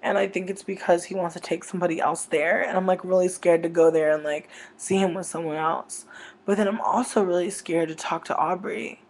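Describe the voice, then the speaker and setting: A livestream host spins a comic gossip tale, rambling and dramatic, with fillers and cursing all through it. The voice sits at a middle pitch and carries no marked coloring. It sounds like it was picked up on a plain webcam microphone. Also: steady tone, fairly quick.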